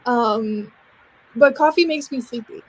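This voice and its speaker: A woman's voice: a little high, measured pace, slightly rough. A woman from Canada hosting a podcast, chatting casually with a guest, rambling and laughing often. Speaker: podcast host. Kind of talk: casual interview chat.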